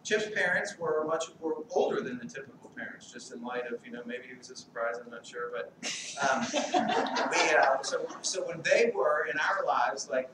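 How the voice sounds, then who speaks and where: A middle-aged man speaks at a memorial service, wandering through his memories with lots of fillers and restarts and a gentle, joking touch. His pitch sits in the middle range. The mic is some distance away in a reverberant hall, and there is steady noise in the background. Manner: halting, rambling, light humor, many fillers. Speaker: eulogist, family friend. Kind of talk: memorial speech.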